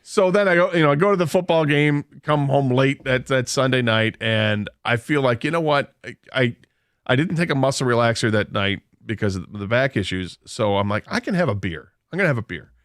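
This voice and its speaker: A man's voice: mid-range voice, normal speed, fairly bright tone, clear, resonant tone, no echo, studio quality. Man spinning a rambling funny story. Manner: rambling anecdote with self-deprecating humor and frequent restarts. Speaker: radio show host. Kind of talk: casual storytelling on sports radio. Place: radio studio.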